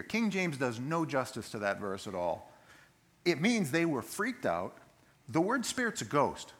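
A man preaching a sermon, telling a Bible story in an animated way and acting out its scenes as he goes. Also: fairly high pitch, moderate pace.

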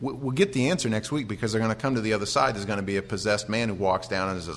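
A male pastor giving an animated sermon with humorous stories and frequent restarts. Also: fairly low pitch, very fast, creaky, hardly any pauses, slight background noise.

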